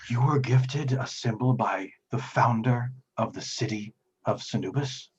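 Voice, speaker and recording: A man's voice: mid-range voice, measured pace, slightly rough, muffled recording. A man playing a reverent, secretive priest. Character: devout, humble middle-aged human priest man.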